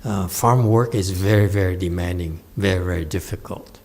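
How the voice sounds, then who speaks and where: A man giving a Buddhist Dharma lecture, halting with fillers, often checking that listeners follow and teasing them now and then. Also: low voice, gravelly, darkish tone, breathy edge. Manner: slow, halting with many fillers, asks listeners to confirm; playful teasing asides to the audience. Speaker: Buddhist teacher. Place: meditation center hall.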